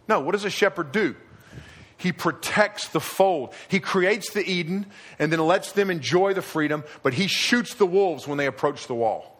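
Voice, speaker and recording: A middle-aged man preaching a sermon to a live audience, animated and acting out quoted voices, growing emphatic. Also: high-pitched, moderate pace. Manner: animated, rising to emphatic near shouting at the end. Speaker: pastor. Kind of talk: sermon on parenting.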